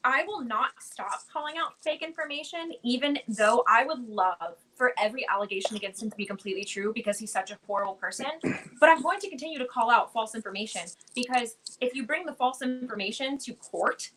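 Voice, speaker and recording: A woman's voice: fairly high pitch, animated, brisk, fairly bright tone, slight background noise, rough recording. A woman talking casually on a live stream, outspoken and indignant, firmly telling people to check their facts.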